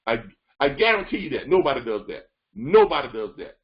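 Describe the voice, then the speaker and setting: A man's voice: medium pitch, a little fast. Upbeat coaching man on a muffled call. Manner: repetitive, coaching, animated retelling. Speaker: freight broker trainer. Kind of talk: motivational training call.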